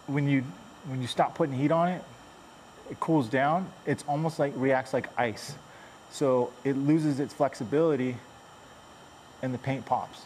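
A man's voice: medium pitch, a little mellow, slight background noise. A man chatting and joking as he repairs a car dent, grumbling under his breath now and then. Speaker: paintless dent repair technician. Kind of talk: casual running commentary while working.

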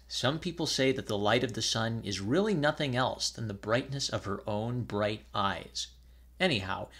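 A man reading an old fairy tale aloud in a measured storytelling manner. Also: mid-range voice, a bit bright, husky.

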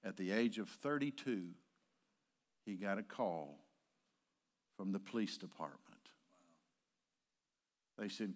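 An older man, a pastor, preaching a sermon and telling stories, at times rising to impassioned shouting. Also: sits low, expressive, slow, long pauses. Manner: storytelling, building to impassioned shouting. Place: church sanctuary.

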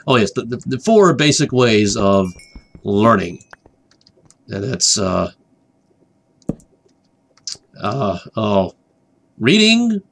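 A man rambling through a gameplay commentary, repeating himself, drifting off topic and dropping into excited whispers. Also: fairly low pitch, vocal fry. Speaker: gaming commentator. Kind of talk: rambling let's-play commentary.

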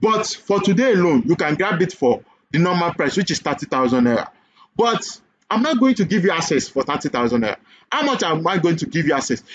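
A Nigerian-accented man with a fairly high voice delivers a persuasive sales webinar pitch, checking in with "okay?" and firing questions at the listener. The recording is dull and lo-fi, with a faint hiss underneath. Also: big pitch swings, a little fast. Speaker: online business coach.

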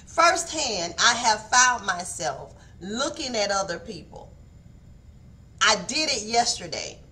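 A woman's voice: on the high side, sharp tone. A woman giving a morning devotional talk, preachy, repeating words for emphasis and calling for responses. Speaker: devotional speaker. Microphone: online stream mic.

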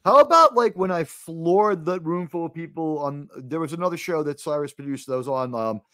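Host, male, casual live-show chat, excitable and profane, higher voice, dry mic. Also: normal speed, no echo. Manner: animated, swears often, jumps to high exasperated pitch.

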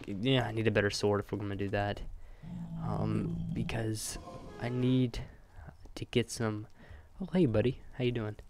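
A young man giving chatty, excitable let's-play commentary, joking and talking to his viewers as he plays. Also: medium pitch, slight background noise. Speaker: gamer.

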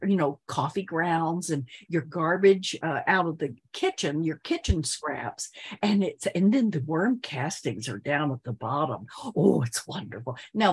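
A woman's voice: low voice, slightly rough. An older woman, chatting earnestly with fellow guests and laughing often. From Texas. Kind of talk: casual chat.

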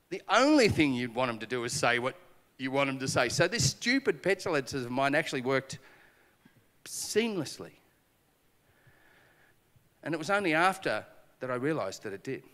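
In a conference hall, a male pastor delivers a sermon full of animated stories, acted-out dialogue and self-deprecating humor. His voice is a little high, his pace moderate with long pauses, and a long reverb tail follows his words.

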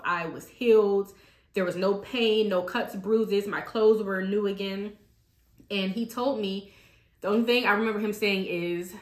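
Earnest woman sharing her faith, echoey room. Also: mid-range voice. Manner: earnest, conversational, addresses listeners as y'all. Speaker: ministry host. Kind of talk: personal faith testimony and devotional talk.

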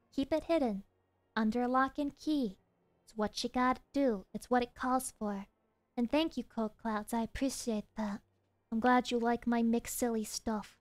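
A young woman with a Southern US accent, chatting casually with viewers while streaming a game, animated and swearing freely. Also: unhurried, dry recording. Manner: animated, swears a lot, jumps between high playful voices and low mutters. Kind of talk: casual live-stream chat while gaming.

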